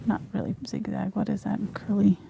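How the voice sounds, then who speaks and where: A woman teaching a live painting lesson on a lapel mic, soft-spoken and often dropping to a near whisper as she works. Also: medium pitch, level tone, fairly quick, creaky, highs cut off, slight background noise. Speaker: painting instructor.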